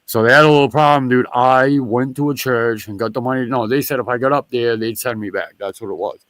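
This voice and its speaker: A man tells a wandering story in a casual chat, swearing freely and stopping to restart his sentences. His voice sits at a medium pitch, and the recording is dry and close to the mic. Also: brisk, no room sound. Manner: rambling, profane, animated storytelling; restarts and backtracks often.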